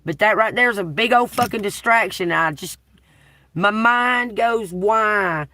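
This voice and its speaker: A woman with a Southern US accent, a tarot reader talking straight to her viewers, blunt and profane, swinging between a slow drawl and heated outbursts. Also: medium pitch, sharp tone, no room sound. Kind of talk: unscripted video rant to viewers.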